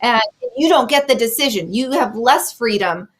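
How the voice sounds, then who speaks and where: Animated, teasing woman host. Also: a little high, normal speed. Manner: animated, opinionated, gets worked up; teasing, joking. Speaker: show host. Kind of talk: casual interview chat.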